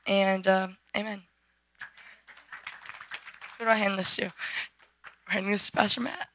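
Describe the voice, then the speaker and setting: A teenage girl with a hoarse, worn-out voice, giving a rambling personal testimony at a church service on a handheld mic, full of fillers and restarts. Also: medium pitch, little pitch movement, measured pace, a bit bright. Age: teens. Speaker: youth group member giving testimony. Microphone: handheld microphone.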